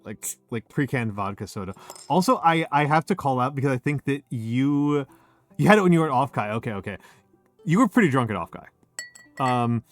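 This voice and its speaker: Here a middle-aged man with a medium-pitched voice, recorded with no echo, runs a casual drinking stream from home. His talk meanders, he swears, and he repeatedly breaks off his own sentences.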